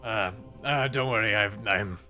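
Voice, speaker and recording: Guy doing a busy tavern cook, low and really bright, keeps saying uh and sorry, soft music behind. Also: a little slow. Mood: obliging. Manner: flustered, apologetic, with many hesitations. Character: busy male tavern cook, hurried and polite.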